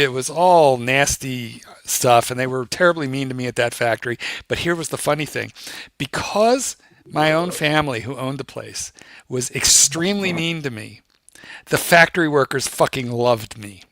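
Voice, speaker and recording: A man co-hosting a livestream, telling a story in a casual, animated way and swearing freely. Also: medium pitch, normal speed, no echo, studio quality. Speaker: co-host.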